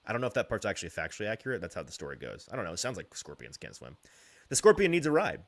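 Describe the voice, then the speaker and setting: A man hosting a sports talk show, reading out fan comments and ranting in an animated way with frequent chuckles. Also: fairly low pitch, racing. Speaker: sports podcast host.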